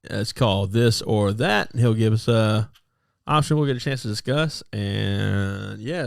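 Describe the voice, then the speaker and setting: Man, young adult, relaxed co-host, lowish voice, dry close sound. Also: unhurried, vocal fry, hardly any pauses, dry recording. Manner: relaxed, introduces segments. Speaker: podcast co-host. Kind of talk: casual chat.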